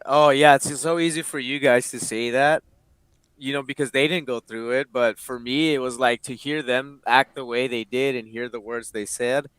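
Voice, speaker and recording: A man's voice: mid-range voice, fairly bright tone, clean tone, no room sound. A man in his late twenties, a guest in an interview, telling a painful personal story in a candid, emotional way, swearing freely and acting out the quoted dialogue. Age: late 20s.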